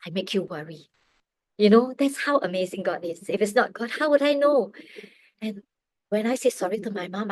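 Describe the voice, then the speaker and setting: A middle-aged woman, giving an earnest, emotional personal faith testimony with halting restarts. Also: medium pitch, a little mellow, no echo, poor audio. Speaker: testimony speaker.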